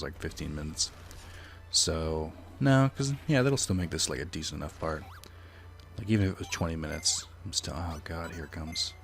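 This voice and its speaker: A man's voice: a bass voice, a bit bright. A man doing casual let's play commentary, rambling with fillers and the odd swear. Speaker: let's player.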